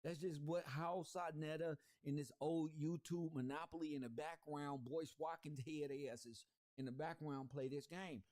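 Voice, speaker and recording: Confrontational livestream host, a man, slangy and repetitive, slightly high voice, dry close sound. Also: fairly even intonation, normal speed, few pauses, a little mellow, no echo. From South Central Los Angeles. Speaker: YouTube commentary host. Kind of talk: livestream commentary rant.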